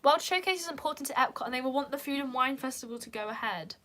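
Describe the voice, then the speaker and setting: Bright-voiced chatty British young woman. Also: sits high, animated, fast talker. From United Kingdom. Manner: chatty, peppered with "like". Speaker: vlogger. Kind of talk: casual chat.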